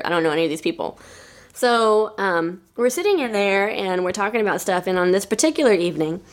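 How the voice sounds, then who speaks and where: A woman podcast host telling a story in a casual, lively, emphatic way. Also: mid-range voice.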